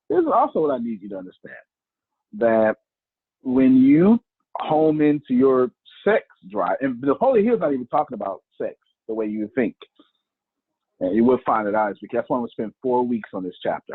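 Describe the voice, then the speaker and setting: A man teaching in a preaching style, repeating key phrases slowly for emphasis. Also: medium pitch, husky, no room sound. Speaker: teacher leading an online class. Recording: tinny phone-like line.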